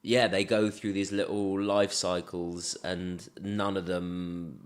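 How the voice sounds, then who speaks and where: A man's voice: deep voice, little pitch movement, slow. A man who is a comedian, guesting on a podcast in casual chat, playful and jokey as he tells stories.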